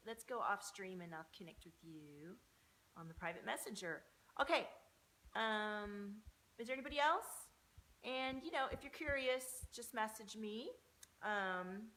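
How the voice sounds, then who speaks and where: A middle-aged woman hosting a spiritual live stream, chatting warmly with viewers, gushing and swearing freely. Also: slight background noise. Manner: gushing, affectionate, swears freely, swoops up high when excited.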